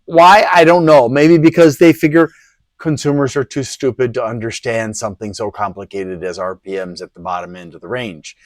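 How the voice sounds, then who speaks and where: His mid-range voice moves at normal speed, and there is no room sound. He's the host of a PC hardware review channel, casually reviewing products with rambling digressions and sarcastic jabs.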